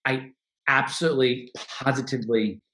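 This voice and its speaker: With a sharp tone, medium pitch, and fairly even intonation, this money coach speaks at normal speed in a roomy-sounding space. As a podcast guest in casual interview talk, he opens up reflectively about his own life, often laughing and restarting sentences.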